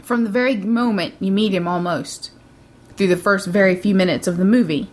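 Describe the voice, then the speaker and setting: A woman's voice: mid-range voice, fairly quick, a little mellow. A woman co-hosting a casual podcast, chatty and giggly, often trailing off mid-sentence. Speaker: podcast co-host. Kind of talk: casual chat.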